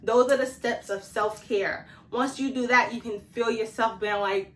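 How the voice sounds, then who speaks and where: A woman's voice: on the high side, steady tone, a little slow, hardly any pauses, a bit bright. A woman vlogger giving self-care tips in a casual, slangy, chatty way, talking straight to her viewers and laughing often. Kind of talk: casual talk to camera. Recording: echoey room, mic at a distance.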